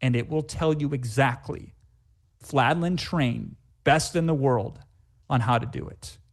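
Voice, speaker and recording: Hyped-up man pitching on a webinar. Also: measured pace, vocal fry. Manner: emphatic, hype-driven, repetitive listing. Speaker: webinar presenter and sales trainer. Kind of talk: live webinar sales pitch.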